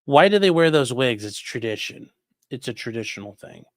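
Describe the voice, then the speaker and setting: A man hosting a livestream, reading out viewer questions and answering them in a rambling, offhand way that often trails off quietly. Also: medium pitch, sing-song, moderate pace, no echo, studio quality. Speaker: livestream host reading chat. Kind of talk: casual live chat.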